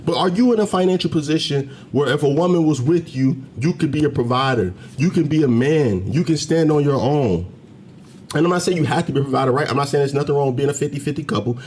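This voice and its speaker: A man talking straight to the camera in a commentary video, emphatic and preachy, climbing to loud, heated peaks as he argues. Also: a little high, quick pace, slight background noise. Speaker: commentary channel host. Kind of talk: direct-to-camera commentary rant. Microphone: camera mic, facing camera.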